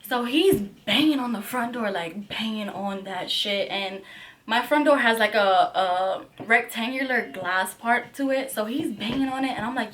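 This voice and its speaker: A young woman vlogger tells a story to camera with lots of energy and constant swearing. Her voice sits a little high. When she quotes people she pushes her voice up and out. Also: a little slow. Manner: animated, profanity-heavy storytelling; acts out quotes in a raised voice. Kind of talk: storytime vlog.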